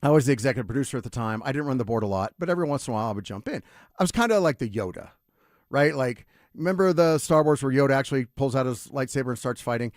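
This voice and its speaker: A man's voice: mid-range voice, racing, no echo, clean studio sound. A middle-aged man hosting a sports radio show, talking casually and telling rambling stories with lots of energy. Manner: animated, rambling storyteller. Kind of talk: casual radio talk and storytelling. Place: radio studio.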